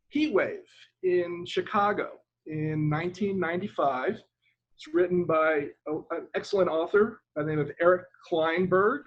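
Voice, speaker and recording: An older man from Ireland speaks as an interview guest in a rambling, hesitant way, stopping now and then to spell out a name. His voice sits a little high for a man and has a husky edge. The sound is dull and lo-fi, like an ordinary video call. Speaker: guest, retired government lawyer.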